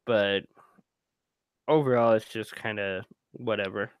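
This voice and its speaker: A man co-hosting a casual podcast, talking about music videos in a low-key, laid-back way with hesitant restarts and sounding tired. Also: steady tone, measured pace, smooth, no room sound. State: tired, yawning. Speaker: podcast co-host.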